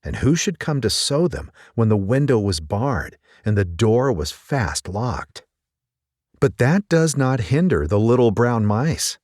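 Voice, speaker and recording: A man reading a children's story aloud in a gentle, expressive manner. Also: mid-range voice, unhurried, no echo, clean studio sound.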